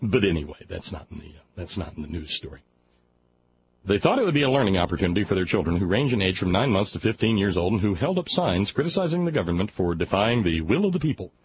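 A man's voice: low-pitched, sing-song, fast talker, dull audio, slight background noise. A man from Alabama hosting a talk radio show, reading a news story aloud and breaking off into mocking, sarcastic asides. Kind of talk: sardonic commentary on a news story.

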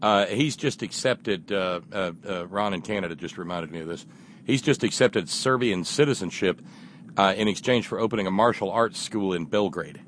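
A man's voice: low-pitched, moderate pace, fairly bright tone, a little hiss or hum. A man hosting a talk show, breaking in casually with hesitant, filler-heavy remarks. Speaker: radio talk show host. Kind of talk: casual chat.

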